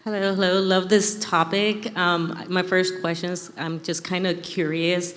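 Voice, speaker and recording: A woman in the audience works her way through a long question, with plenty of "like" and "um" along the way. Her voice sits low for a woman. The sound rings with long hall reverb. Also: little pitch movement, measured pace, fairly bright tone. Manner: rambling, heavy filler words. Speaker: audience member asking a question.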